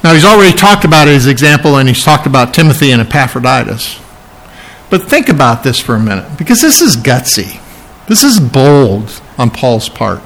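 A man's voice: mid-range voice, sing-song, normal speed, gravelly, a bit bright, rough recording. A man preaching an expository sermon, teaching earnestly and repeating phrases for emphasis. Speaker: pastor.

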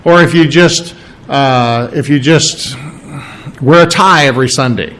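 A man's voice: mid-range voice, unhurried, fairly bright tone, poor audio. A man preaching an expository sermon, earnest and emphatic, often repeating key phrases and restarting his sentences. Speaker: pastor.

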